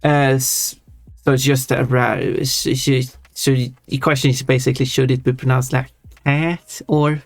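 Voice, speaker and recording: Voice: medium pitch, little pitch movement, a little slow, no room sound. Chatty Swedish-accented streamer, dry close sound. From Sweden. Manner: chatty and explanatory, thinks aloud with restarts. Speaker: livestreamer. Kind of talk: casual live-stream chat. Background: faint background music.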